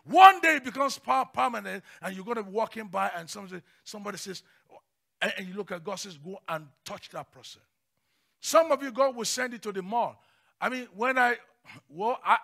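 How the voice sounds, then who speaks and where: Gravelly, bright-voiced preaching pastor. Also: male voice, high voice, lively intonation, a little fast. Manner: passionate, swings from hushed to shouting. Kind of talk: sermon.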